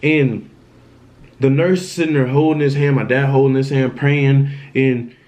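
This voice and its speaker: A man's voice: medium pitch, fairly even intonation, unhurried, darkish tone. A man telling a dramatic story in a casual storytime vlog, in loose slang, often repeating himself. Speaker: vlogger.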